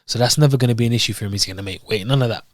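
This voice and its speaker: A young man from talking casually on a podcast, breaking down a fight for his co-host. He sounds mid-pitched and close to the mic in a dry room with no echo. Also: very fast. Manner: explains fight results, animated retelling. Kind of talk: casual chat.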